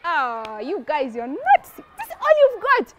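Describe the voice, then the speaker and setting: A woman's voice: wildly swooping pitch, a little slow, fairly bright tone, heavily acted. A woman voicing a huge, boastful male giant warrior who taunts his enemies in a children's story. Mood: mocking. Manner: taunting, booming and scornful.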